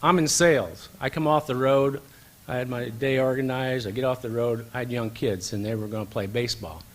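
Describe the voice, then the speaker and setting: A man speaks briskly in a steady, medium-pitched voice, delivering a banquet speech in an event hall. His talk is a story, an anecdote in which he performs the characters' lines.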